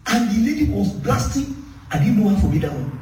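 A man preaching a sermon, telling animated stories with laughing asides. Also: high-pitched, fast talker, background noise. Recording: roomy hall, distant mic, faint music.

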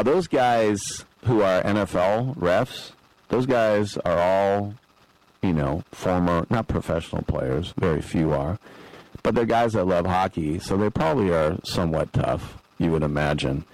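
A man's voice: low voice, unhurried, dry recording, low-quality recording. A man hosting a sports talk show, telling stories in a casual monologue and acting out the quotes. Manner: animated storyteller who acts out quotes.

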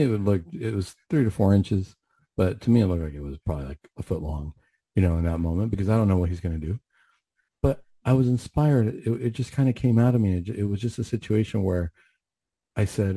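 Male clinician storyteller: low pitched, husky, reflective and earnest, restarts a lot. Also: expressive, fairly quick, dark tone, dry recording. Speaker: mental health clinician. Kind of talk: radio storytelling.

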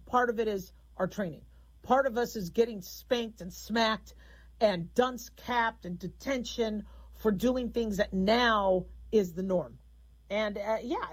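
Husky-voiced talk radio hostess. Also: female voice, on the high side, measured pace, low-quality recording. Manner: rambling, conversational, frank. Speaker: radio call-in show host.

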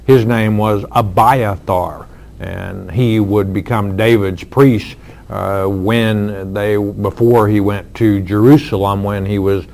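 Slow, low-voiced male preacher. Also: steady tone, creaky, a little mellow. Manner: earnest, slow, with fillers and emphatic lines. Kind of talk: expository sermon.

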